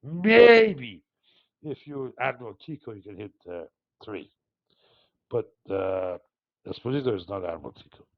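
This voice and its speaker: A man with a low, gravelly voice hosts a live market review. His pitch swings widely as he digresses and restarts his sentences. The audio is dull and lo-fi. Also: normal speed. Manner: digressive, animated, frequent fillers and restarts. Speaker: market analyst hosting a review. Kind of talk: rambling live market commentary.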